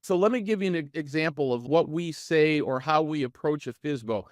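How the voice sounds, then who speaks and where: A middle-aged man coaching real estate agents in a live online training session, energetic and full of rhetorical questions to his audience. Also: on the high side, fairly quick, dry recording, clean studio sound.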